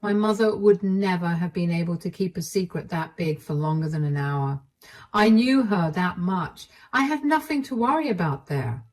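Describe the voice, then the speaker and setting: A woman's voice: on the low side, a little mellow. A woman narrating a personal story in the first person, earnest and reflective.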